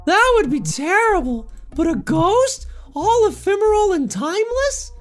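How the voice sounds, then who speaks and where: Woman playing a high, prim student girl. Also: big pitch swings, measured pace, soft background music, exaggerated voice. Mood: wistful. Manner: high, bright and indignant. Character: earnest young woman student, touchy and prim.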